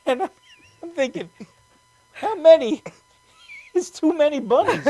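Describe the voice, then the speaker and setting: Animated New woman comic. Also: sits high, a little slow. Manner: animated, rambling, exclaims and laughs often. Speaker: comedian host. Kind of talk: casual comic storytelling.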